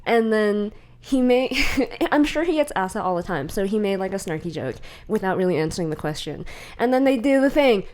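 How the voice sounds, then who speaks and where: A woman's voice: mid-range voice, lively intonation, a little fast, a little mellow. A young woman co-hosting a podcast in casual chat, rambling with frequent laughs and acting out quoted exchanges. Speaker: podcast co-host.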